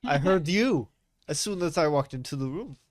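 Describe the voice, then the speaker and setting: A man voicing a stern foreign government agent with a Russian accent, talking in a clipped, formal, deadpan way. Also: on the high side, normal speed, voice pushed up, close to an everyday voice. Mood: cold, blunt.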